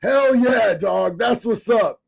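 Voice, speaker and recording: A man's voice: very high-pitched, slow pace, creaky, husky. A man from Oregon reading viewer comments on a live stream, fiery, profane and emphatic.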